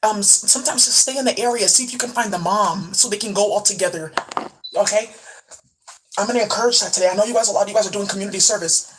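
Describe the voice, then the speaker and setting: A woman's voice: mid-range voice, quick pace, a little hiss or hum, rough recording. A woman vlogging a rambling, conspiratorial monologue, cursing freely and filling her talk with "like" while holding up beauty products. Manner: profane, rambling, full of "like" fillers; conspiratorial, jumps between topics while showing products.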